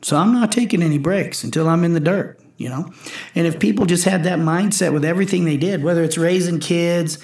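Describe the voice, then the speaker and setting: Intense 40s lifter guy, kinda high voice, cussing, echoey room. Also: fairly quick, gravelly, darkish tone. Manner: intense, swearing, acts out his own quotes. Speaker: powerlifter and coach. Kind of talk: casual podcast chat.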